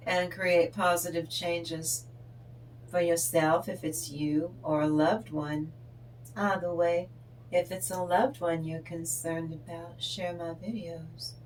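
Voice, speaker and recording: A woman's voice: lowish voice, a little hiss or hum. A woman hosting her own tarot channel, talking to viewers in a rambling, chatty way that drifts off topic. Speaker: tarot reader and channel host. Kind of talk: casual spiritual talk to viewers.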